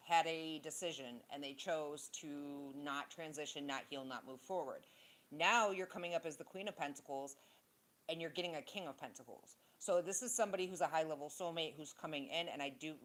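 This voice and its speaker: Low-pitched woman, tarot reader, casual and profane, wanders off on tangents. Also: low-quality recording. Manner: blunt, profane, rambling asides. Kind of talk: casual tarot reading monologue.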